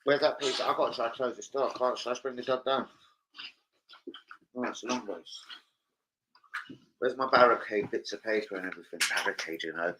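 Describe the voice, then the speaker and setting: A man's voice: mid-range voice, fairly quick, pauses often, bright, forceful tone, a little hiss or hum, rough recording. A young man with a London accent hosting a casual livestream, swearing freely in laddish banter. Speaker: livestream host. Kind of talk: casual live chat reading comments. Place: home, indoors.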